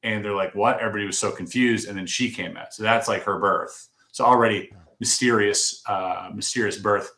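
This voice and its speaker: A man co-hosting a podcast who tells a story with animated energy and acts out the quotes. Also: a little fast, hardly any pauses. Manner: excitable, acts out quotes with big swings in pitch. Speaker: podcast co-host. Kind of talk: casual chat, animated storytelling. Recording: roomy echo.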